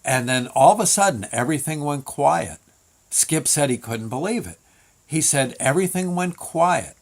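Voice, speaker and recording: A male show host telling a long story in a relaxed, casual manner. He rambles, restarts his sentences and fills pauses with "uh" and "you know" as he goes. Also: on the high side. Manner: rambling, many restarts and fillers.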